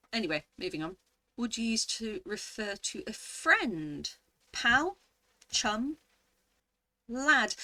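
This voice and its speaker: A woman's voice: medium pitch, sharp tone, dry recording. A woman in her forties, a vlogger chatting casually as she reads quiz options aloud and muses over each word.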